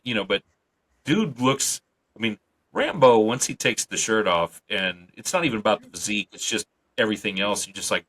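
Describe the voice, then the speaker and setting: A man co-hosting a movie podcast in a laid-back way, with casual swearing and short agreeing replies. His voice is fairly low, with a bright, forceful edge. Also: expressive, normal speed, poor audio. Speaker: podcast co-host. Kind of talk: casual movie review chat.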